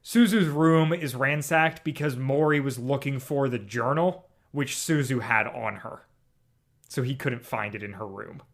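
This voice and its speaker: A man co-hosting a casual podcast chat, animated and theorizing, talking fast in bursts. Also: mid-range voice, gravelly. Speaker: podcast co-host.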